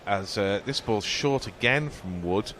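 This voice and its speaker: A man giving measured, descriptive ball-by-ball cricket commentary on the radio, with occasional fillers. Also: fairly low pitch, expressive, a bit bright, a little hiss or hum.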